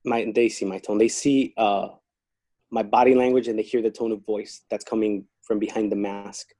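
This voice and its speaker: A man's voice: on the low side, normal speed, no echo. A man who works as a corrections officer, chatting casually and telling stories about his job. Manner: relaxed, chatty, talks through work stories. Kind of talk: casual interview storytelling.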